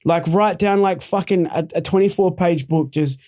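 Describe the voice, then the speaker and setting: A man's voice: high voice, moderate pace, dark tone. A male podcast co-host in casual chat, blunt and swearing freely, acting out quotes as he talks.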